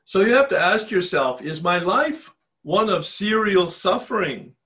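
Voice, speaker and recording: A man's voice: high voice, expressive, unhurried, fairly bright tone. An older man facilitating a spiritual recovery retreat, telling his own story in a personal, confessional way and posing emphatic rhetorical questions.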